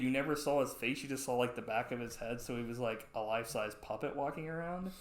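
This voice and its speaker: Male podcast co-host, middling pitch, rambling storyteller, roomy echo on the voice. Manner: rambling, animated retellings with acted-out quotes. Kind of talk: casual chat reviewing old sketches.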